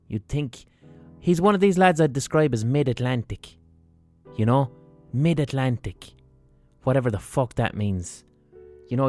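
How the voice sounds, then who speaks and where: A man's voice: medium pitch, darkish tone. Sweary, rambling Limerick man. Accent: Limerick, Irish. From Ireland. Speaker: podcast host. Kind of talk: comic monologue.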